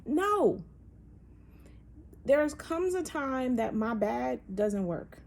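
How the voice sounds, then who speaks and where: A woman's voice: high-pitched, sing-song, extremely slow, creaky, a little hiss or hum. A woman hosting a casual opinion monologue, talking emphatically and animatedly, with many fillers and restarts. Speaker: podcast host.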